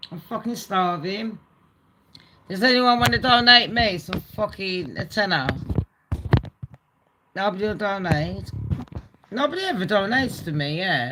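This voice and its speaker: A woman's voice: mid-range voice, normal speed, sharp tone, a little hiss or hum. A woman hosting a live gossip stream, chatting in a blunt, rambling way with heavy swearing.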